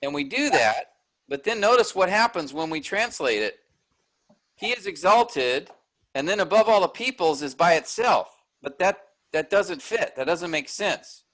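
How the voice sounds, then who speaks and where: A man's voice: sits high, very animated, normal speed, fairly bright tone, rough recording. A man teaching a workshop, explaining step by step and often checking in with "all right?".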